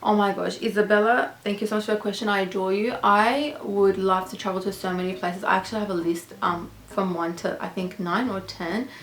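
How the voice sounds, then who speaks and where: Gushing young Australian woman vlogger, slightly gravelly. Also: medium pitch, fairly even intonation, fairly quick, hardly any pauses, a bit bright. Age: young adult. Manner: gushing, chatty, affectionate toward viewers. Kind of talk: casual Q&A vlog. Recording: echoey room with faint music.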